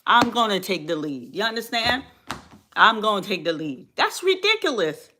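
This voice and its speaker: A woman's voice: medium pitch, lively intonation, moderate pace, sharp tone, a little hiss or hum. Fiery woman ranting on a livestream. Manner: fiery, repetitive, exclamatory, talks back to chat. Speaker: livestream host. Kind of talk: heated livestream rant.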